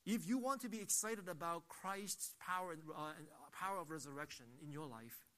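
A pastor with a high, slightly bright voice preaches emphatically. He poses rhetorical questions and repeats phrases to build up his points.

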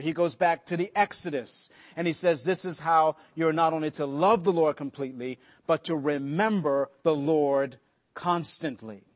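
A male pastor delivers a sermon with a slightly high-pitched voice. He preaches conversationally, drops in joking asides, and slows down deliberately to stress key points.

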